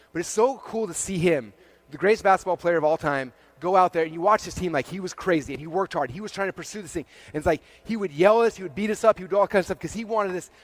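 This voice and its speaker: Fast-talking energetic man on stage. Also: on the high side, no room sound. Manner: energetic, conversational, many fillers and "okay?" checks. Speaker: keynote speaker at a marketing event. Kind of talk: motivational stage talk. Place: event stage before a live audience.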